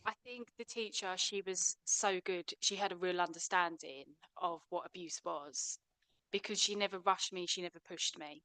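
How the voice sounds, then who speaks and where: A woman's voice: on the low side, normal speed, pushed and bright, dry recording. A woman earnestly recounting her own experience of leaving an abusive relationship, in a reflective way. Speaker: abuse survivor speaker. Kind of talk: personal testimony.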